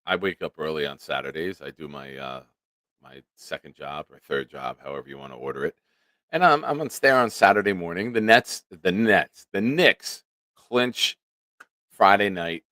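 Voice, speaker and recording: A man with a low-pitched voice hosts a casual sports livestream. His sound is dry and close to the mic, and his talk is loose, profane, and quick to laugh. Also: animated, bright, forceful tone, dry recording. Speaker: livestream sports show host. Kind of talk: casual live-stream chat, reading viewer comments.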